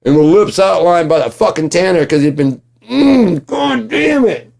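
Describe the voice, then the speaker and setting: A man ranting at home in a vlog, swearing constantly and yelling in bursts. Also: high-pitched, expressive, a little slow, vocal fry. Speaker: vlogger. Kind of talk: profane political rant.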